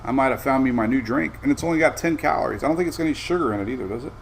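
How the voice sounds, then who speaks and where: A middle-aged man hosting a casual live weather show, rambling and easygoing with excitable asides. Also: medium pitch, very fast, vocal fry, slight background noise.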